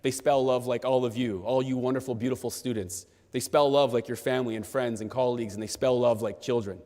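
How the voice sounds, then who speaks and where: A man giving an animated storytelling speech to graduates, acting out a child's voice in the telling. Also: mid-range voice, brisk. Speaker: convocation speaker. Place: large convocation hall. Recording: long hall reverb.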